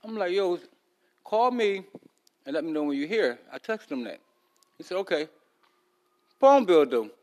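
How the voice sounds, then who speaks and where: A man's voice: sits high, sing-song, moderate pace, long pauses, a little mellow. Man rambling around a loose tooth. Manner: loose, rambling, with many fillers and restarts. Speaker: podcast host. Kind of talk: casual rambling storytelling.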